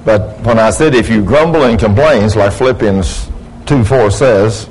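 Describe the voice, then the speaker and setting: A man's voice: fairly low pitch, measured pace, a little mellow, breathy edge, low-quality recording. A man preaching a sermon, folksy and conversational, acting out quotes from people in his church. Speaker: pastor.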